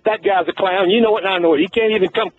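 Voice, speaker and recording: A man's voice: sits high, fairly even intonation, rapid-fire, a little hiss or hum. Insistent older man caller on a tinny phone line. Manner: insistent, needling, repeats his point. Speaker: regular caller. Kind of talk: argumentative phone-in call.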